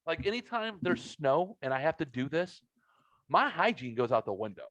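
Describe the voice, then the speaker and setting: A man's voice: fairly high pitch, normal speed, dry recording. Profane middle-aged man telling stories. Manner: profane, animated storyteller. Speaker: podcast host. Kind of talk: casual storytelling chat. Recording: dull lo-fi audio.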